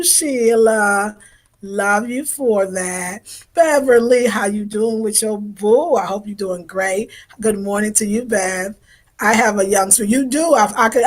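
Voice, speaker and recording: Effusive woman in her fifties chatting. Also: medium pitch. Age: 50s. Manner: chatty, effusive, informal slang. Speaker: livestream host. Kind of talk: casual livestream chat reading viewer comments.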